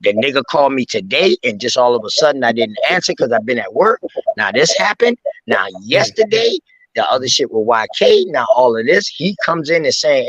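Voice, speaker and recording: A man's voice: mid-range voice, sing-song, brisk, fairly bright tone, slightly rough, dry recording, muffled recording. Furious, swearing man on a stream. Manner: angry, profane, confrontational. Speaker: live stream caller. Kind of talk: heated argument on a live stream.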